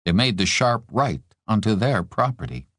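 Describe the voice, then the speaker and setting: Deep-voiced male audiobook narrator. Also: no echo, clean studio sound. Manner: measured storytelling, expressive phrasing. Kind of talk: scripted narration.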